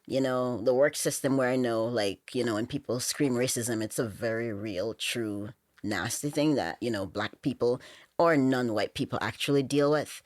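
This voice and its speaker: Jamaican woman guest, very deep voice, dry close sound, candid, filler-heavy chat. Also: moderate pace, no echo. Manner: candid, frequent "you know" fillers. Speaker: podcast guest. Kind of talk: casual conversation.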